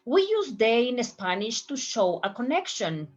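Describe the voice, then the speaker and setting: A woman teaching a language lesson, explaining slowly with fillers. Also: on the high side, big pitch swings. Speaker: Spanish teacher. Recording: dull lo-fi recording.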